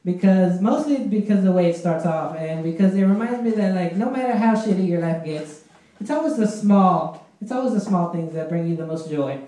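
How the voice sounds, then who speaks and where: A man doing a stand-up comedy set at an open mic, telling crude stories with a deadpan delivery. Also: high-pitched, fairly quick. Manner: deadpan storytelling, crude punchlines. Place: small club at an open mic. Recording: very echoey room.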